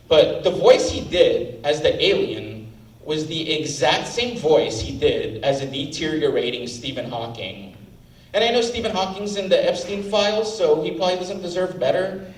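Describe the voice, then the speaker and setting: Swearing plenty, a man performs an outraged standup rant on a comedy club stage. His voice is a little high, with slight background noise, and the mic sits at a distance in a roomy live venue with faint ambience.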